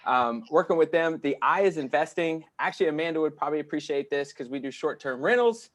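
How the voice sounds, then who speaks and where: A man's voice: a little high, animated, fast talker, a bit bright. A man speaking as a guest real estate coach in casual, upbeat talk on a video call, with frequent filler sounds.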